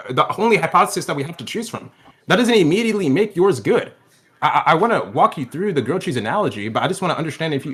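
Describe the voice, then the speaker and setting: A man in a heated online debate, combative and mocking, often laughing between his points. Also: on the high side.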